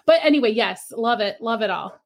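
Giggly encouraging woman co-host, voice a bit high. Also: animated, fairly quick, vocal fry. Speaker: podcast co-host. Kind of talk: casual chat, reading listener comments.

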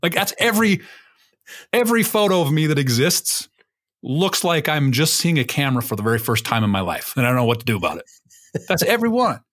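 A man's voice: fairly high pitch, sing-song, a little fast, fairly bright tone. A man co-hosting a podcast in casual chat, rambling and self-mocking, swearing freely. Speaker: podcast co-host.

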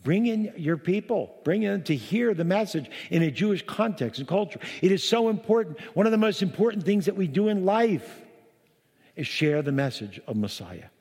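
A man leading a Messianic congregation, giving a sermon in an animated, chatty storytelling manner with frequent restarts. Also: high voice, normal speed, breathy edge. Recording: long hall reverb.

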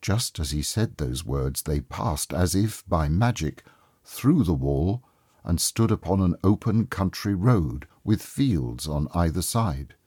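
Male storyteller, storybook narration, deep mellow voice, dry close recording. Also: slightly rough, dry recording. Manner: calm, measured and expressive.

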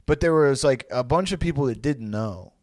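A man's voice: medium pitch, lively intonation, moderate pace, a little mellow, dry recording, studio quality. A man co-hosting a comedy podcast, telling a loose, rambling story between laughs. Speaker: podcast co-host. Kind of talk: casual comedy chat.

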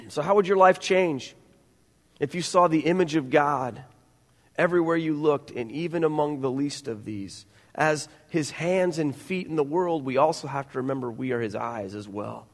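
A middle-aged man preaching a sermon as pastor, earnest and growing animated, with stumbling restarts. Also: on the high side, moderate pace, big-room sound.

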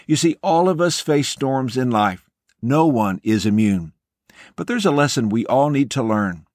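A man's voice: mid-range voice, no room sound, clean studio sound. A man hosting a short devotional podcast, speaking in an earnest, encouraging and personal way. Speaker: podcast host and devotional teacher.

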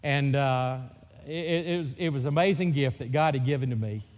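Long church-hall reverb surrounds this middle-aged Mississippi man as he preaches in a brisk, medium-pitched, slightly mellow voice. His Mississippi Southern accent carries a sermon full of folksy humor and storytelling.

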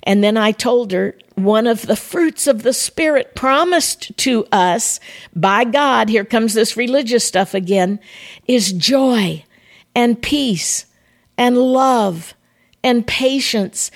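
A woman's voice: a little high, slow. An older woman gives an earnest devotional talk. She speaks straight to her listeners in a conversational way, as if sharing her own story. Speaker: ministry podcast host.

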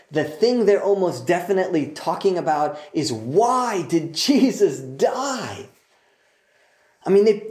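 A man's voice: on the high side, dark tone. A man teaching a Bible passage in a casual, enthusiastic way, full of joking asides. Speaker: preacher. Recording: roomy echo.

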